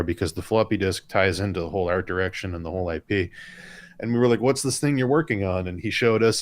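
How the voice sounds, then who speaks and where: Man, low voice, dry close sound, chatty and rambling, answers questions from chat. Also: no echo. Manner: chatty, rambling, enthusiastic storytelling. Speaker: comic artist and co-host. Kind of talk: casual live-stream chat answering viewer questions.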